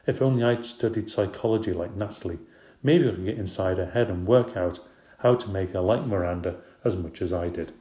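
A man's voice: deep voice, fairly quick, warm tone, reverberant. A man narrating a children's story in the first person, in a light, chatty, playful way. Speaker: audiobook narrator.

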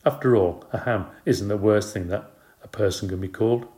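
Man, low voice, storybook narration, steady, expressive. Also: fairly quick. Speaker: audiobook narrator.

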